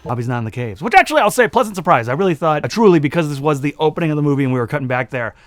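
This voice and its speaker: A man reviewing a movie in a casual vlog, sarcastic and animated, laughing at his own jokes. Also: fairly high pitch, racing, dry recording.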